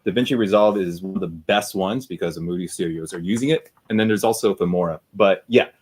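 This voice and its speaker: A man's voice: low voice, quick pace, darkish tone, a little hiss or hum. A man co-hosting a live podcast stream who explains things in a chatty way. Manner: explanatory, chuckling. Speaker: podcast co-host. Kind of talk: casual live-stream chat.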